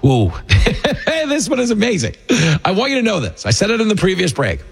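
A man hosting a talk show, ranting with sarcastic, animated, mocking political commentary. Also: high voice, a little fast, creaky, slightly rough. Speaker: radio host and comedian.

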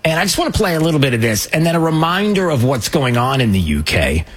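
A man's voice: on the high side, big pitch swings, fast, a bit bright. A man hosting a commentary show, rambling with lots of fillers and joking at himself. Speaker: show host. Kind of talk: casual news commentary.

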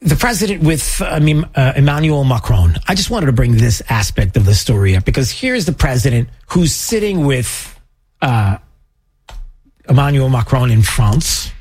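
A man's voice: mid-range voice, sing-song, normal speed, darkish tone, husky. A male radio talk show host, chatting casually and sarcastically with many fillers.

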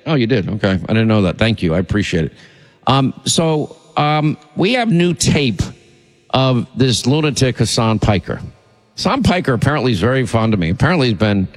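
A man's voice: medium pitch, expressive, normal speed. Male radio host, blunt and indignant, rambling commentary with some room reverb. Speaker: radio talk show host.

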